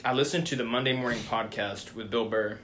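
This young man hosts in an easy, chatty way and rambles through his points with plenty of fillers. His pitch sits mid-range for a man. A faint hiss runs under the recording. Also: steady tone, fairly quick, a bit bright. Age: young adult. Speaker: podcast co-host. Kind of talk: casual podcast chat.

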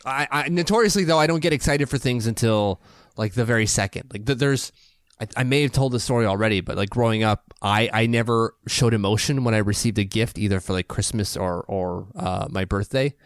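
A man's voice: fairly low pitch, fairly quick, dry recording, clean studio sound. A man co-hosting a podcast in casual chat, chatty and storytelling. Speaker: podcast co-host.

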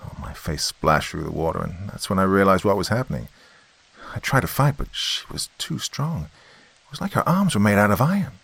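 A man's voice: low-pitched, expressive, brisk, vocal fry, a bit bright, husky, exaggerated voice. A man voicing a protective, stubborn uncle in a spoken horror story, talking in an urgent, shaken way.

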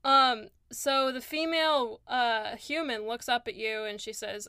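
Hesitant woman game master, clear voice. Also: a little high, measured pace, hardly any pauses, sharp tone, no echo, clean studio sound. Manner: hesitant, lots of fillers. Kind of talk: narrating a tabletop game.

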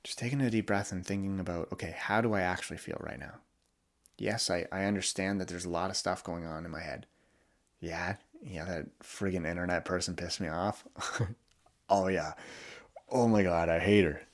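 A man's voice: low voice, steady tone, normal speed. A young man hosting a solo podcast, talking candidly and reflectively about his feelings, with frequent restarts. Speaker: podcast host.

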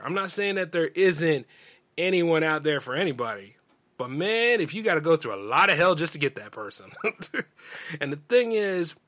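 A bright, forceful-sounding man with a Southern drawl holds forth on his own podcast. He rants emphatically, leaning hard into his points in a slightly high voice. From Southern United States. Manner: ranting, emphatic, mimics others in a high voice. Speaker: podcast host. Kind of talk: opinionated monologue.

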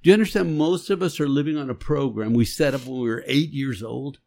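A man's voice: medium pitch, brisk, gravelly, warm tone. A man co-hosting a faith podcast, talking earnestly and emphatically in a casual conversation. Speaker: podcast co-host.

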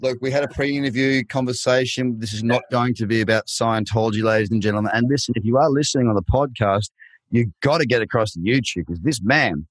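A man's voice: medium pitch, quick pace, no echo, clean studio sound. A man hosting a crypto podcast, playful and teasing as he introduces his guest. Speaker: podcast host. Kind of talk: joking interview intro.

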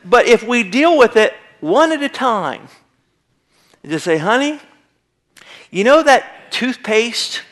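A man's voice: very high voice, sing-song, takes it slowly, long pauses, fairly bright tone. A male pastor preaching a sermon to his church in a conversational way, acting out short quoted voices now and then. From United States. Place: church sanctuary.

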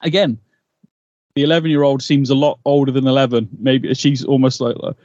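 A man of middling pitch rambles and laughs through a casual podcast chat. His mic sounds a little dull and muffled, and dry. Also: brisk, no room sound. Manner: rambling, animated, laughs a lot. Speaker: podcast co-host. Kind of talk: casual episode recap chat.

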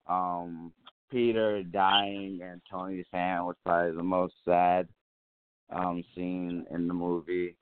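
A man's voice: low-pitched, little pitch movement, slow pace, clean tone. A man giving his take in a casual movie chat, hesitant, with many fillers. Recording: tinny phone-like line.

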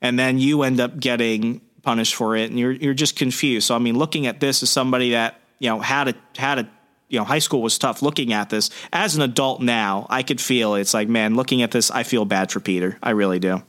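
Male co-host, bright tone, rambling casual recap. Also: mid-range voice, fairly even intonation, a little fast. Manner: rambling, lots of fillers, earnest. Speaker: podcast co-host.

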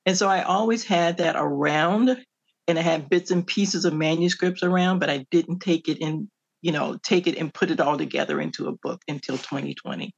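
A middle-aged woman from the Midwestern United States, an author answering interview questions in an animated storytelling way, laughing often. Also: deep voice, normal speed, gravelly, husky. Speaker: author guest. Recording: dull lo-fi audio.

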